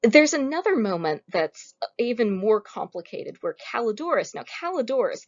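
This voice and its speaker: Wry woman lecturing, muffled recording. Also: mid-range voice. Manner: casual, wry and conversational. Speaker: lecturer on Roman comedy.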